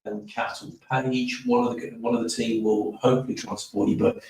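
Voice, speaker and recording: A man's voice: mid-range voice, big pitch swings, fairly quick, creaky, a little mellow. Rambling, enthusiastic man in an echoey room. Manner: enthusiastic, rambling, many restarts and fillers. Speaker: host of an awards live stream. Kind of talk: casual live stream chat. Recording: very echoey room, far from mic.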